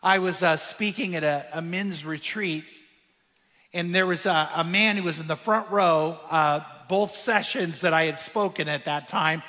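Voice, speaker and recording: A man preaching a sermon. He tells a quiet, hushed story and then rises into emphatic preaching. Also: unhurried, long reverb tail. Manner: drops to a hushed, quiet voice when telling a moving story; rises to higher, emphatic preaching when making points. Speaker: pastor.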